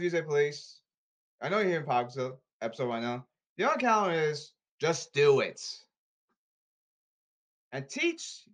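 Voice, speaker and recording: A man hosting a solo podcast, ranting with exasperation and repeating himself, his pitch leaping and his loudness swinging. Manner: animated, erratic pitch leaps and volume swings. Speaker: podcast host.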